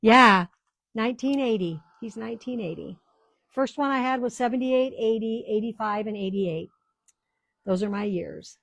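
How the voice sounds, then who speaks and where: A woman's voice: on the high side, moderate pace, vocal fry, a bit bright. A woman in her sixties chatting casually to viewers while she crafts, rambling through family stories in a talkative, storytelling way. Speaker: craft video host. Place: small-town home.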